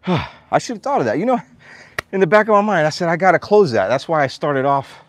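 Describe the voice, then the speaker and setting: A man livestreaming from his farm, chatting with viewers and calling to his animals in a high voice, a little out of breath. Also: very animated, fairly quick, slight background noise. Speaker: vlogger, farm owner. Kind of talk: casual livestream vlog. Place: outdoors on a farm.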